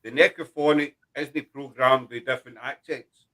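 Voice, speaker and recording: Man hosting with rambling, halting talk. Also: medium pitch, fairly even intonation, pushed and bright. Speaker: host. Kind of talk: casual chat.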